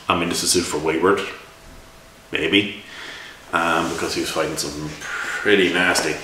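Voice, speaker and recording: A man's voice: low-pitched, animated, fairly quick, fairly bright tone, a little hiss or hum. An Irish man telling a long, exasperated story about a tabletop game, with many restarts and repeated words. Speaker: game reviewer and game master. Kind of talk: casual spoken review. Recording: echoey room, mic set far off.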